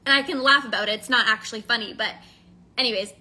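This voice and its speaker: Woman coach, high bright voice, earnest and emphatic, repeats herself for stress. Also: quick pace. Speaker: emotional eating coach. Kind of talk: casual candid monologue.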